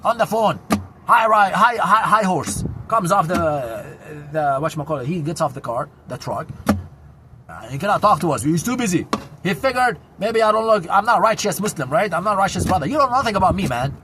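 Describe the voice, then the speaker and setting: With a high, sing-song voice and a slightly fast pace, a man in his 40s from Syria delivers a heated street rant to camera in a Syrian Arabic accent. He projects loudly, sounds indignant, and keeps repeating himself as traffic noise fills the recording.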